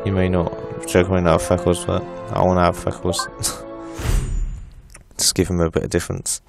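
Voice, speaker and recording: Man doing let's play commentary, rambling crude jokes, low gravelly voice, loud game music behind. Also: completely flat delivery, normal speed. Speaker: gameplay commentator.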